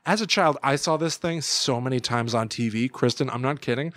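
A man's voice: mid-range voice, brisk, dry recording. A man co-hosting a podcast, animatedly retelling a cartoon in casual chat full of "like". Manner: animated retelling with lots of likes. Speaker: podcast co-host.

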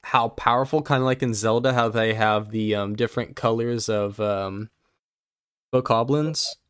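A man's voice: fairly low pitch, steady tone, moderate pace, a bit bright, clear, resonant tone. A man talking on a casual podcast, hesitant, with frequent ums and laughs.

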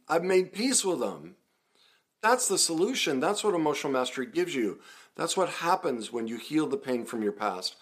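A man talking through a casual monologue as a podcast host and recovery coach. He laughs and acts out quoted comments, then turns calm and earnest. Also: medium pitch.

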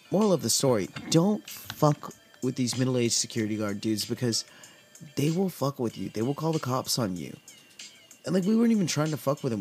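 A young man from Southern California's desert valley, casually telling a podcast story in a laid-back, profane, filler-heavy way. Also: mid-range voice. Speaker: podcast host.

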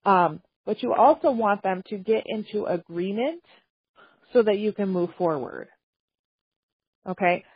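A woman trainer giving a calm, measured talk on communication skills, acting out example phrases as she goes. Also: medium pitch, husky, no room sound. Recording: dull, slightly lo-fi dry recording.

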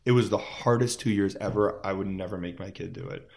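With a low voice, vocal fry, and a slightly fast delivery, a thirtysomething musician recounts stories as an interview guest. The chat is casual, and he's animated, full of "like," voicing the characters he quotes.

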